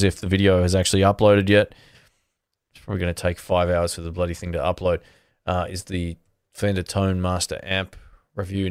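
A man's voice: deep voice, clean tone, dry recording, clean studio sound. A man hosting a guitar channel, chatting casually on a livestream and answering viewers, rambling and restarting his sentences in an easygoing way.

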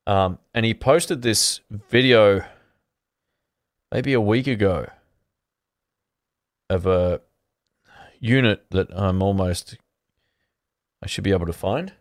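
A laid-back man with a fairly low voice chats on a live stream about guitar gear. He rambles and restarts his sentences in an easygoing way, and the sound is close and dry. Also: takes it slowly, pauses often, no echo. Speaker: guitar channel host. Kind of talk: casual livestream chat answering viewers.

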